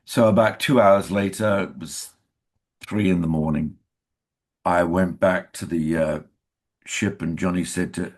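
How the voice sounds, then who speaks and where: A man's voice: deep voice, a little slow. An older man from England, an actor guest in a casual interview, telling anecdotes and acting out quoted dialogue.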